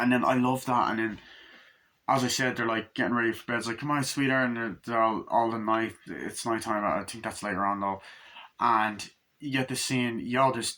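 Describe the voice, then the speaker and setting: A man giving a casual spoken movie review, rambling and excitable, swearing often as he recounts scenes. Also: lowish voice.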